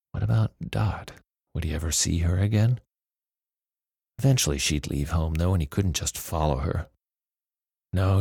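A man narrates a novel aloud in a steady, measured reading. His voice is very low and gravelly. The recording is dry and close. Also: dry recording. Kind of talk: storybook narration.

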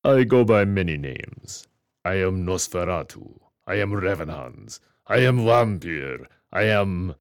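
A man's voice: deep voice, sing-song, unhurried, gravelly, no room sound, studio quality, heavily acted. A man voicing a vain, theatrical male vampire who declaims melodramatically. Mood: grandiose.

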